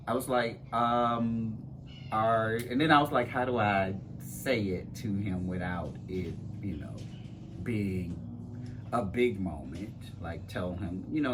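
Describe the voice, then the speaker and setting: A man in casual conversation, telling a story in a thoughtful way and quoting himself, recorded on a porch with faint background noise. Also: lowish voice. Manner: thoughtful, storytelling, quotes himself in lively voices. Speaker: podcast co-host. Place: outdoors on a porch.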